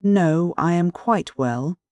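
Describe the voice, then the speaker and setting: A man voicing a nervous young male student who talks in a strained, hurried way while faking calm. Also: on the high side, no echo, natural voice. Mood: anxious.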